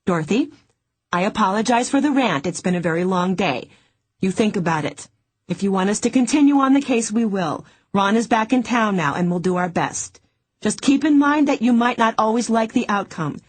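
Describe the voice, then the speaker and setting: A woman's voice: mid-range voice, lively intonation, moderate pace, voice pushed up, natural voice. A woman voicing an outspoken, exasperated woman investigator in a first-person audiobook. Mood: calm.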